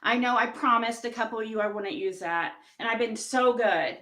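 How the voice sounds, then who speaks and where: A woman's voice: on the high side, normal speed, sharp tone. A woman livestreamer in a heated, profane rant, talking straight to her chat.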